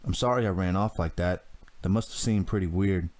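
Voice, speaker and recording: A man voicing a playful, kittenish teenage girl on the phone, barely altering his low voice. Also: brisk, a little mellow, lightly acted. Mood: teasing.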